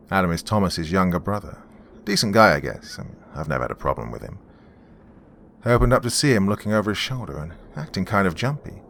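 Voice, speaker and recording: A man narrating a horror story in a measured, grim storytelling manner. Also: deep voice, lively intonation, creaky, fairly bright tone, slight background noise.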